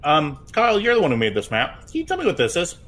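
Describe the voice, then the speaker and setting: A man in casual chat, telling a story with swearing, laughter and animated quoting. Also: fairly high pitch, fast.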